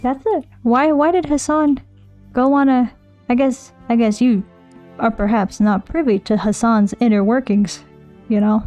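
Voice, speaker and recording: A woman live-streaming a game, with a slightly high, soft and mellow voice. She rambles along cheerfully, thinks aloud about her moves and answers her chat. Faint game music sits under her talk. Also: fairly even intonation, unhurried. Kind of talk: casual live-stream chat while playing.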